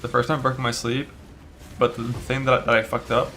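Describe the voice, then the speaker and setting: Irritated by the broken retainer in his mouth, a male streamer rambles profanely while playing, packing his chat with fillers. His mid-range voice is flat, fairly quick and fairly bright, with slight background noise.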